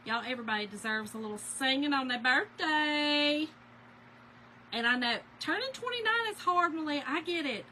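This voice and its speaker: A woman's voice: high-pitched, lively intonation, moderate pace, pushed and bright, a little hiss or hum, low-quality recording. Chatty woman crafting live. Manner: chatty storyteller, talks to viewers and reads their names aloud. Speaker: crafting livestream host. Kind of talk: casual livestream chat while crafting.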